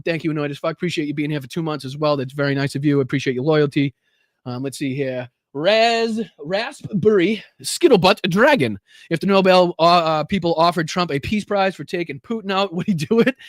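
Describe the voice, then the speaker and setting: A man's voice: on the high side, fairly bright tone, dry recording, studio quality. A man with a Boston accent hosting a political livestream, swearing freely, laughing and thanking viewers while he catches his breath. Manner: profane, rowdy, laughing, out of breath. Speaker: political show host. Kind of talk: profane livestream commentary and viewer shout-outs.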